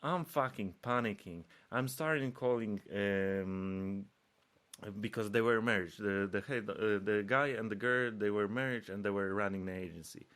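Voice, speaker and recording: A man's voice: fairly low pitch, normal speed, fairly bright tone, clean tone. A man speaking English as a second language, telling a story in casual podcast chat and acting out quoted dialogue in raised voices. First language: not English. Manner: searches for English words. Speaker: podcast co-host.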